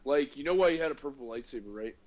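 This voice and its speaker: A man co-hosting a podcast, chatting in an excitable, animated, incredulous way. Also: medium pitch, rapid-fire, dull audio, a crowd in the background. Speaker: podcast co-host. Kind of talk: casual chat.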